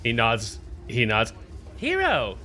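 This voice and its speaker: A man's voice: on the low side, measured pace, pushed and bright, a little hiss or hum. A man narrating as game master in a loose, casual way with many fillers.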